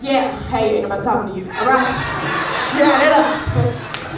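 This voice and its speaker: A high-pitched Southern woman in her thirties delivers stand-up with a sassy drawl. Her voice comes from far off the mic, with a big roomy echo from the stage. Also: normal speed, heavy background noise. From Alabama. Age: 30s. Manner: sassy, drawling, laughing punchlines. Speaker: stand-up comedian. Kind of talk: stand-up comedy set. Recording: roomy, distant stage audio.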